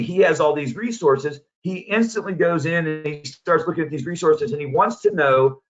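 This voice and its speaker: A man who works as a positive psychology coach, giving a casual, animated storytelling presentation. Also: a little high, fairly quick, few pauses. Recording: dull lo-fi audio.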